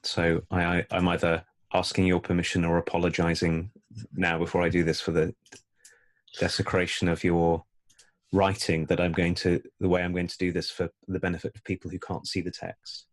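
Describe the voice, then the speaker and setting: A man co-hosting a reflective talk, speaking in a measured, thoughtful, slightly hesitant way. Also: low-pitched, completely flat delivery. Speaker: podcast co-host. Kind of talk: casual conversation.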